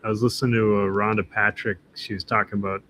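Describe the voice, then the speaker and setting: A man's voice: on the low side, flat delivery, fast talker, bright, forceful tone, slight background noise. A man hosting a casual podcast chat, easygoing and chiming in. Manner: easygoing, chimes in. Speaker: podcast host.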